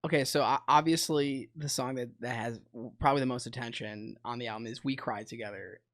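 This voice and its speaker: Guy cohosting a music podcast, rambly, lots of ums, mid pitch voice. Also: fairly quick, a bit bright. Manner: rambling, many fillers and restarts. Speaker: podcast co-host. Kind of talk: casual chat about music.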